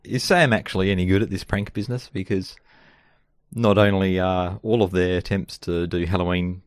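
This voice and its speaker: A man's voice: low voice, fairly even intonation, normal speed, clear, resonant tone, dry recording, studio quality. A man co-hosting a sitcom podcast, talking in a laid-back, casual way and thinking aloud as he goes. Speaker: podcast co-host. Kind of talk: casual chat.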